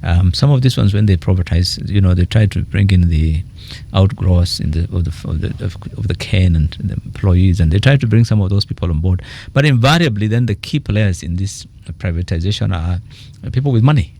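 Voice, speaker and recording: A man with a Kenyan accent, a political economist speaking as a radio interview guest, animated and telling stories with quoted asides. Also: low-pitched, a little fast, hardly any pauses.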